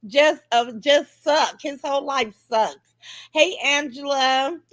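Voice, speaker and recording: A woman's voice: sits high, slow pace, dry recording. A woman hosting a casual livestream, greeting viewers by name and brashly mocking her critics. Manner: brash, animated, greets commenters and mocks detractors. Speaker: livestream host.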